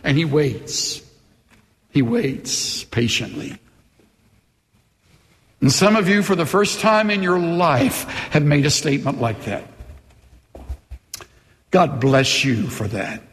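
Impassioned high-voiced male pastor preaching. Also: expressive, takes it slowly, long pauses, long reverb tail. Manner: impassioned, emphatic, leads call-and-response. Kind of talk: sermon with altar call. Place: church sanctuary.

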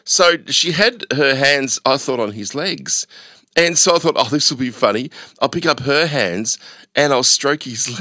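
Animated middle-aged male radio host. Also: no room sound, clean studio sound. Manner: animated storytelling, voice jumping high when embarrassed. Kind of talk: casual radio chat. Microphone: studio microphone.

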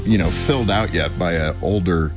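A man's voice: low voice, normal speed, soft background music. A middle-aged man hosting a radio talk show, chatting earnestly and telling personal stories. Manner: earnest, reflective storytelling. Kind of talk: conversational radio interview.

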